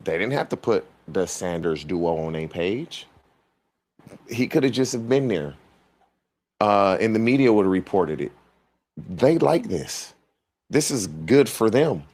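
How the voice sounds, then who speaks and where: A man's voice: on the low side, lively intonation, measured pace, long pauses, darkish tone. A man on a sports debate show speaking bluntly, in a no-nonsense coaching manner. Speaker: sports TV panelist.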